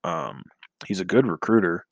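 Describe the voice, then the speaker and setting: A man's voice: low voice, animated, normal speed, creaky, no room sound. A man co-hosting a casual sports podcast, talking hesitantly with lots of fillers and sighs.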